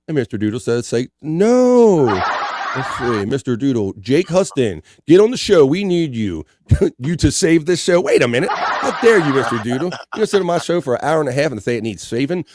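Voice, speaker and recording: A man hosting a casual live-stream podcast, animated and jokey, reading chat messages aloud. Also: on the high side, normal speed, noisy background. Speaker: podcast host.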